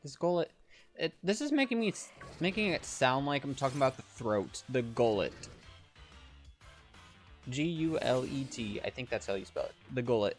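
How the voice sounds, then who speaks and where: A man's voice: mid-range voice, sing-song, normal speed, soft background music. A man live-streaming a game, chatting casually with viewers in a playful, melodramatic, teasing way. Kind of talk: casual gaming stream chat.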